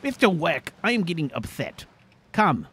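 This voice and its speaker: Heavily acted and very animated, this man's fairly bright, slightly breathy voice sits on the high side and moves at a moderate pace. In character during gameplay, he voices a fussy, bookish male adventurer who uses prim, formal phrasing and grumbles asides in exasperation.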